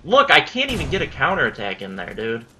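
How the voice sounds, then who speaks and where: A man's voice: mid-range voice, huge pitch swings, quick pace, bright, forceful tone, a little hiss or hum. Frustrated young man swearing through gameplay. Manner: frustrated, swearing, mutters at the enemy. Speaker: gameplay commentator. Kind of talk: casual gaming commentary.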